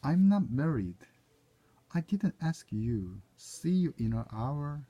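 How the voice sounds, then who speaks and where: A man's voice: a little high, big pitch swings, slow pace, warm tone. A man whose first language is Korean, reading short everyday English dialogue lines aloud one by one to proofread them, sometimes correcting himself. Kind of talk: reading practice phrases aloud.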